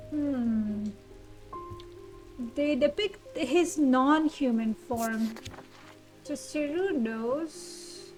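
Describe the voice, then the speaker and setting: High-voiced woman musing through a game. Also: low-quality recording. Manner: thinks aloud, muses softly. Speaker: game streamer. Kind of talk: blind game playthrough commentary.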